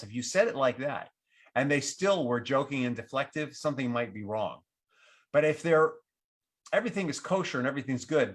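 A man giving relationship advice, acting out what partners might say in a livelier voice. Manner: animated, acts out quoted partners with lifted pitch. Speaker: relationship advisor. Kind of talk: advice talk to camera.

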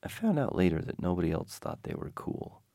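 Slow, gravelly low-voiced man. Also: wildly swooping pitch, warm tone, no echo, studio quality. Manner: wry, self-deprecating humor; digressive, frequent restarts. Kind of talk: rambling personal anecdote.

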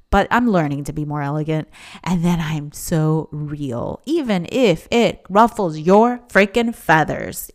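Animated woman with a lively voice. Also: low voice. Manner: emphatic, animated, acts out quoted voices. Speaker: podcast host. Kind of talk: casual solo podcast monologue.

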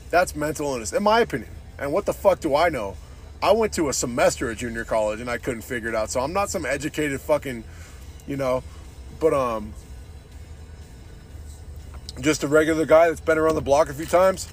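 Over soft background music, a man with a voice on the high side hosts a podcast, talking fairly quickly. He rants casually and bluntly, full of opinions, swearing often and calling everyone "dude" constantly.

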